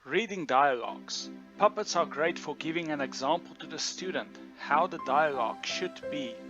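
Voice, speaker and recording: Guy doing a voice-over explainer, fairly high voice, music playing behind. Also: moderate pace, pushed and bright, highs cut off. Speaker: teacher explaining a method. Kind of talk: voice-over narration.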